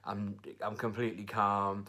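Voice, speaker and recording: Bright chatty father vlogging. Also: fairly low pitch, monotone, normal speed. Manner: chatty, rambling with fillers and laughs. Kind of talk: casual storytelling.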